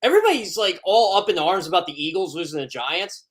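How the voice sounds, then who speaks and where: A male sports writer appearing as a radio guest, talking in a chatty, opinionated way with quick asides to the host. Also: high-pitched, big pitch swings.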